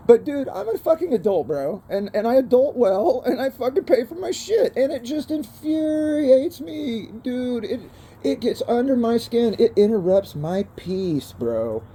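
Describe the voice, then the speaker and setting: An older man talks in a mellow, warm voice. He rambles along casually and swears a lot, calling the viewer bro and man. He is recording outdoors, sitting by a fire. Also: very high voice, expressive, moderate pace, a little hiss or hum. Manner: profane, rambling, keeps saying bro and man. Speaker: vlogger.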